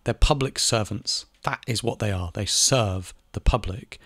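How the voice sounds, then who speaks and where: Low-voiced man ranting, dry sound. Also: a little slow, a bit bright, dry recording. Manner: ranting, repeats phrases, swears. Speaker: video essayist. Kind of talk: casual monologue. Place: home in Spain.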